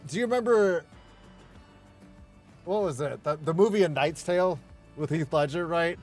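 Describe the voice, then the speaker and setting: A man's voice: on the high side, normal speed, soft background music. A man streaming a game, rambling in casual chatter, swearing and laughing often.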